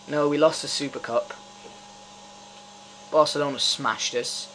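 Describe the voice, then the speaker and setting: Excitable young man swearing. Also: fairly high pitch, a little slow, slight background noise, poor audio. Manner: excitable, swears often, cheers at goals. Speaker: gamer doing live commentary. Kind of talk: casual live gameplay commentary.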